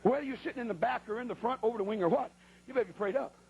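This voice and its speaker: A man's voice: very high voice, racing, vocal fry, darkish tone, slightly rough, dull audio. A man preaching in a church, telling a folksy, colloquial story as part of a sermon. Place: church at a pulpit.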